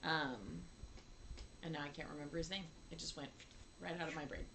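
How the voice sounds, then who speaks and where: A woman in her fifties co-hosting a casual chat, laughing often and acting out quotes with big jumps in pitch. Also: steady tone, brisk, vocal fry, sharp tone, slight background noise, low-quality recording. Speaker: podcast co-host.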